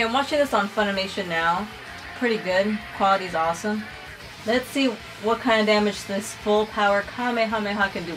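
A woman's voice: mid-range voice, poor audio. Young woman freaking out over an anime ep, lots of "like" and swearing, show music going in the background. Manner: excitable, swears freely, lots of "like". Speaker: reaction channel host. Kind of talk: casual reaction commentary. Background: anime episode audio playing.

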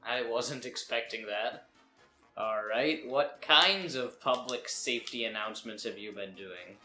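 A man's voice: mid-range voice, a little slow, sharp tone, faint music behind. A man co-hosting a comedy sketch show as the dry straight man, in an echoey room. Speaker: co-host.

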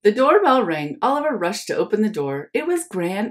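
A woman's voice: mid-range voice, big pitch swings, moderate pace, few pauses. A young woman teacher reading a picture book aloud to children, speaking to them in a friendly way as her friends. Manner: friendly, addresses listeners as friends.

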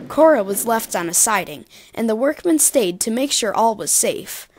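A woman narrating a children's railway storybook in an even, gentle storytelling manner. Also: a little high, normal speed, a little hiss or hum. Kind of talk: storybook reading.

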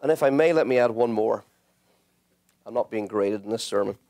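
A man's voice: lowish voice, moderate pace, gravelly, mellow. A man preaching a sermon, emphatic and building to impassioned peaks.

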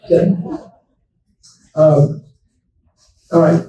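An older man gives a relaxed, folksy talk as a memory doctor. His voice is mellow and sits a little high, and it keeps turning to the crowd with asides. He is recorded from a distance in a very echoey room. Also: slow pace, pauses often. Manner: folksy storytelling, addresses the audience directly. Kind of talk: conversational public talk to seniors.

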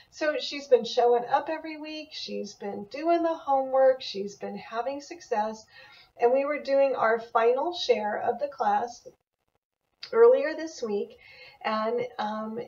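A middle-aged woman, an animal communicator, telling a student story in an enthusiastic, animated mentoring talk. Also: a little high, a little slow. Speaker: animal communicator teaching a class. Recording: dull, lo-fi audio from a distance.

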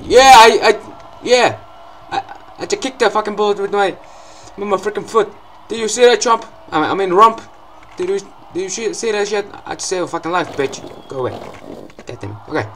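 A young man giving excitable gameplay commentary, swearing often and breaking into loud outbursts and laughs. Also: high voice, brisk, creaky, a little hiss or hum, low-quality recording.

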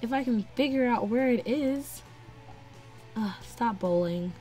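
With a little high, mellow, animated voice, a young woman chats to her game characters during casual let's-play commentary at a measured pace. Faint game music plays in the background.

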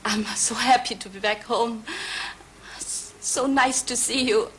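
A woman's voice: fairly high pitch, fairly even intonation, a little slow, fairly bright tone, a little hiss or hum. A young actress playing a cheerful wife who soothes her husband and switches into Cantonese. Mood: cheerful soothing. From Hong Kong. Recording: sitcom studio with audience laughter.

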